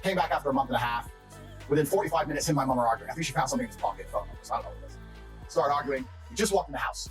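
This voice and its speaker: This interviewee from archived clips tells stories about his family bluntly and brashly, with plenty of swearing. He talks very fast in a mid-range voice, with music in the background.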